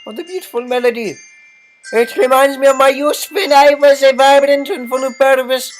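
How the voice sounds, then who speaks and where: A player voicing a despairing sister in a game with a deliberately silly, wailing high voice. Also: fairly even intonation, slight background noise, natural voice, rough recording. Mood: grateful. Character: despairing nun-like sister, shrill and tearful. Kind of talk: reading game dialogue aloud.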